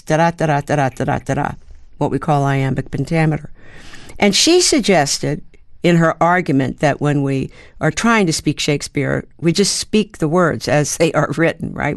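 A woman's voice: low-pitched, no echo. Older woman guest, storyteller, fillers and restarts, dry sound. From US (Baltimore). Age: 70s. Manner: reflective storyteller, hums rhythms, hesitant fillers. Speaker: guest, actor and playwright. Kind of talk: conversational interview.

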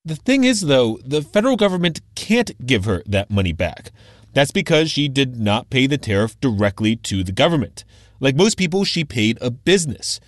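A male radio reporter delivers a scripted news story in a measured, explanatory way. The sound is dry and close, with no room around it. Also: medium pitch, sing-song, no echo.

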